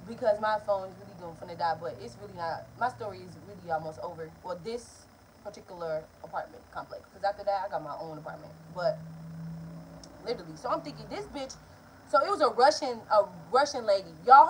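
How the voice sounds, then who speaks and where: A young woman, telling a story in a casual vlog, animated and profane. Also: medium pitch, a little fast, a little hiss or hum. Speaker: vlogger.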